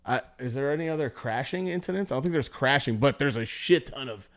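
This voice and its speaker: A man's voice: mid-range voice, expressive, fairly quick, fairly bright tone. Rambling, profane young man telling stories. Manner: rambling, profane, restarts often, acts out quotes. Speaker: podcast host. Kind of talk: casual storytelling chat.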